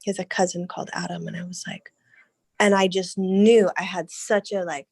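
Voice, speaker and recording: A woman in her thirties chatting casually, her voice sitting a little low. She talks in an animated way, laughs often and restarts her sentences. The sound is dry and close, with no room around her. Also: moderate pace, vocal fry, breathy edge, no echo. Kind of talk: casual chat.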